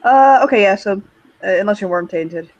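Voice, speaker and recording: A man narrating a tabletop game as game master, hesitant, with many pauses and fillers. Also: sits high, expressive, muffled recording.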